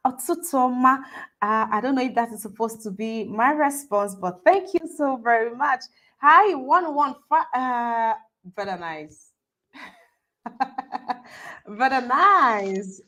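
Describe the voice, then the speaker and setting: A woman with a Nigerian accent hosting a live stream, chatting and greeting viewers by name. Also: mid-range voice. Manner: chatty, friendly, often laughing. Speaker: host. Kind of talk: live stream chat reading comments.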